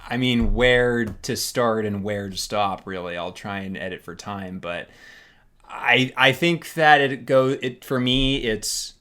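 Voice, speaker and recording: A man's voice: lowish voice, takes it slowly, sharp tone. A young man co-hosting a casual podcast chat, talking with enthusiasm and rambling through restarts. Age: young adult. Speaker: podcast co-host.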